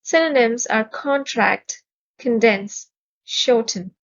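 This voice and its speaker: A woman teaching English vocabulary in a measured, clearly enunciated way, stressing each syllable. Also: fairly high pitch, dull audio. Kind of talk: slow, careful vocabulary lesson.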